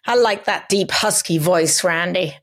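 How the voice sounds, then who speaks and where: A woman, a podcast co-host, joining in friendly, unhurried banter. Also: on the low side, a bit bright.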